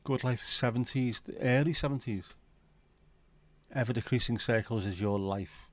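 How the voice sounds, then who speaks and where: A man's voice: medium pitch, normal speed, no room sound. A middle-aged man hosting a livestream, rambling through jokey pub-style banter while reading out chat. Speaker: livestream host. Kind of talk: casual chat reading viewer comments.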